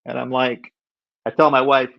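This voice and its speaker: Middle-aged man, lively storyteller, dry close sound, slightly dull audio. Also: mid-range voice, moderate pace, creaky, dry recording. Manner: animated, acts out quoted voices with laughs. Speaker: guest. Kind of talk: storytelling in a podcast interview.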